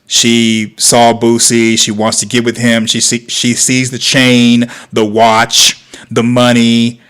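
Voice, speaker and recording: A man's voice: medium pitch, monotone, slow pace, fairly bright tone, clear, resonant tone. A man hosting a livestream, reacting to clips with sarcastic, lecturing commentary. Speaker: host.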